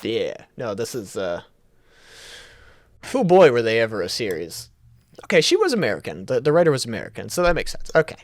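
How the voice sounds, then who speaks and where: A man's voice: mid-range voice, wildly swooping pitch, brisk, no echo. A man from Canada co-hosting a casual podcast, joking and rambling in a self-deprecating way. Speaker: podcast co-host. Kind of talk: casual chat.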